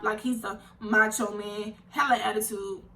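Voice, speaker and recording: A young woman, telling an animated, indignant storytime vlog full of slang. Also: medium pitch, moderate pace, heavy background noise. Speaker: vlogger.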